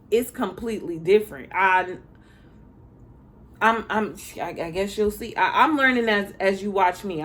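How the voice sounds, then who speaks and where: A woman in a mid pitch talks straight to her viewers in a loose, candid way. She swears freely and laughs often. It sounds like an unscripted spiritual chat with her audience. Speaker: spiritual teacher, former schoolteacher. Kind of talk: casual spiritual talk to viewers.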